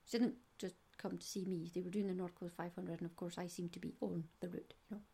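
A woman's voice: on the low side, flat delivery, fast talker, gravelly, dark tone, slightly rough. Chatty Scottish woman podcaster. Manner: chatty, digressive, giggly. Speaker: knitting podcast host. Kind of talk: casual solo podcast chat.

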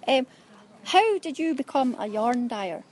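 A woman from Caithness with a Scottish Highland accent, hosting a casual, giggly interview on her phone at a festival. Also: sing-song, a little slow, a little mellow. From Caithness, Scotland. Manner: chatty and giggly, teasing. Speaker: podcast host interviewing at a festival. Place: outdoor-ish busy festival hall. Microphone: phone held by interviewer.

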